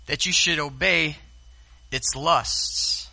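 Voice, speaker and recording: Bright-voiced man preaching a sermon. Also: on the high side, moderate pace. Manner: swings from hushed asides to loud exclamations; addresses the congregation directly. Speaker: pastor.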